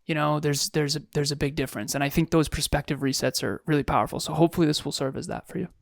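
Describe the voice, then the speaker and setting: Podcast guy telling a story, earnest and reflective, bit high-pitched, dry mic. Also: steady tone, fast, creaky, no room sound. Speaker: podcast co-host. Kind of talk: casual chat.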